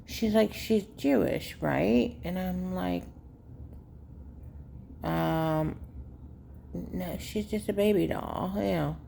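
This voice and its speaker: Woman vlogger, unhurried storyteller, heavy vocal fry, mellow dark tone, light background hiss. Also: on the low side, steady tone. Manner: rambling, unhurried, many fillers. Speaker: vlogger, caregiver daughter. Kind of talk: casual storytelling to viewers.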